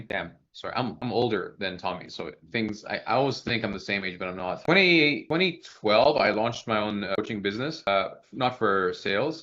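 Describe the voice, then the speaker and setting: A man in his thirties, a sales coach giving casual feedback, who talks fast and animatedly and acts out sample questions. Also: lowish voice, a bit bright, muffled recording.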